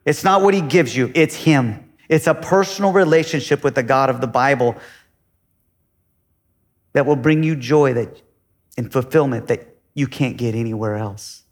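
Speaking at a normal speed with frequent pauses, a medium-pitched pastor preaches in a large hall. He asks his congregation rhetorical questions, his delivery swinging between loud emphasis and quiet asides.

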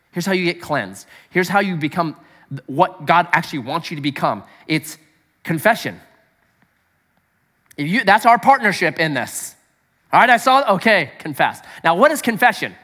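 A man's voice: high-pitched, bright, forceful tone. A man preaching a sermon as pastor, telling a family story with acted-out voices and humor. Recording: echoey hall.

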